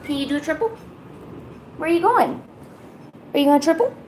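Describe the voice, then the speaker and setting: A young woman streaming, coaxing and teasing her cat in a playful, high-pitched baby-talk voice. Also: expressive, a little fast, a little mellow, slight background noise. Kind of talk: live-stream chat.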